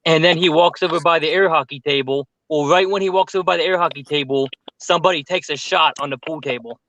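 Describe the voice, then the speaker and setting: A man telling a story with lots of fillers in casual chat on a group call, animated and talkative. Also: on the high side, quick pace, low-quality recording. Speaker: paranormal youtuber telling a story.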